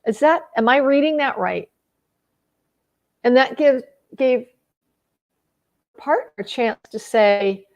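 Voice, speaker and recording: A middle-aged woman, a relationship coach, talks casually to an audience in a high voice, taking it slowly with frequent pauses. She often restarts and repeats words, and she acts out quoted conversations with lively shifts into other voices. The audio sounds dull.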